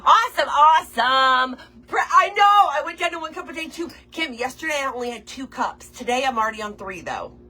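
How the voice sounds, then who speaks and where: A woman's voice: sits high, animated, a little fast, bright, forceful tone. A middle-aged woman hosting a craft livestream, chatty and folksy, greeting viewers by name.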